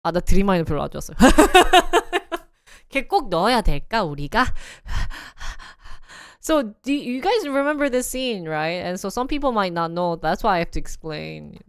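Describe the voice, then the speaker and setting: Young woman, lively livestream chat, smooth clear voice, dry close sound, bouncy delivery. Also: mid-range voice, very fast, no echo. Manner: animated, laughs often, acts out scenes in voices. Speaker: live streamer.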